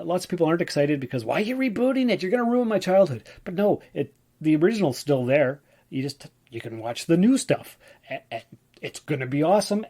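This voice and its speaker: A man hosting his own podcast, talking alone in a casual, rambling, excitable way with many fillers. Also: mid-range voice. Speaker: podcast host. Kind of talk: casual solo podcast chat.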